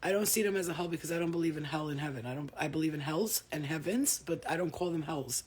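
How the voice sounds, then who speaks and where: A woman's voice: deep voice, fast, darkish tone, breathy edge. A woman vlogger talking casually to her viewers about spiritual experiences, rambling, swearing freely and sounding tired. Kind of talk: casual spiritual talk to camera.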